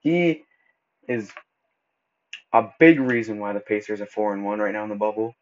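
A man hosting a casual solo podcast, talking loosely and stumbling over words as he goes, with relaxed slang. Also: on the low side, moderate pace. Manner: casual, stumbles and restarts often; laid-back slang like bro and dude. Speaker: podcast host. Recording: dull lo-fi recording.

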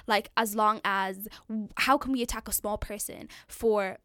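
A woman's voice: mid-range voice, fairly even intonation, normal speed, sharp tone, no room sound, studio quality. A young woman co-hosting a podcast in casual chat, talking in a playful, chatty way full of "like" fillers. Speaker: podcast co-host. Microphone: studio mic.

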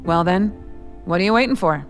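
A woman's voice: fairly low pitch, animated, a little fast, soft background music. A woman voicing a curt, cool-headed male record producer who gives clipped orders. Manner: blunt, clipped, commanding.

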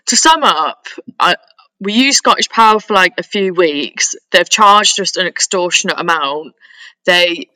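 A woman's voice: on the low side, a little slow, dry recording, poor audio. Giggly woman hosting a podcast. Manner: giggly, animated storytelling. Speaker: podcast host. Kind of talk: casual chat.

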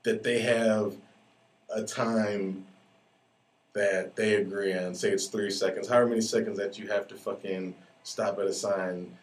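Deep-voiced man ranting on his podcast. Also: measured pace. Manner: profane, ranting, animated storytelling. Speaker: podcast host. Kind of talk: casual podcast monologue. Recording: distant mic with faint background noise.

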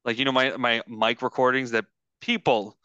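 A podcast host chatting casually over a video call, rambling and halting with lots of fillers. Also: male voice, mid-range voice, fairly even intonation, pushed and bright, smooth, no room sound, dull audio. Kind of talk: casual chat.

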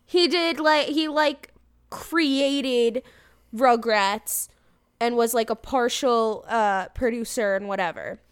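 A woman's voice: on the high side, slow pace, clear, resonant tone, no room sound, clean studio sound. A woman co-hosting a podcast in casual chat, rambling with lots of fillers and casual swearing. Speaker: podcast co-host.

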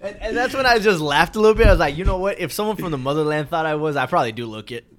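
A man's voice: fairly high pitch, expressive, very fast. A young man co-hosting a podcast, telling stories in a laid-back, swearing casual chat. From Mexico. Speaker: podcast co-host.

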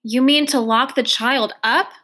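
A woman reading a novel aloud, voicing a flustered, breathy, heavyset foster mother who pleads and puffs. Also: high voice, fairly even intonation, a little slow, sharp tone, heavily acted. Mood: distressed. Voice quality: breathy, puffing. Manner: pleading, distressed.

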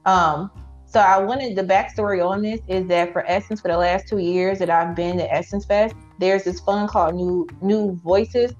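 A woman entrepreneur telling her story in a casual, animated way, acting out her own past lines. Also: mid-range voice, moderate pace, muffled recording, faint music behind. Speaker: entrepreneur guest.

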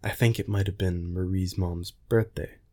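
A man reading the lines of a gentle, caring mother living on a starship, in a soft-spoken voice. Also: low voice, steady tone, moderate pace.

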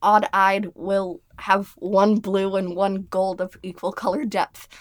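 A woman hosting a casual podcast chat, reading notes aloud in a halting, giggly way. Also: medium pitch, little pitch movement, no room sound. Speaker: podcast host.

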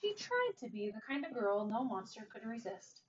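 A woman reads a children's picture book aloud with a gentle, expressive delivery and a somewhat high voice. She sits back from the mic, and the recording is dull and lo-fi with a faint hiss. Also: normal speed, recorded from a distance. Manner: gentle, expressive, varies loudness. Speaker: storyteller.

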